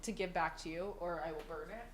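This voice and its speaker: Animated woman podcast co-host. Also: fairly low pitch, brisk. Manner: animated storyteller, laughs often. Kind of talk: casual chat.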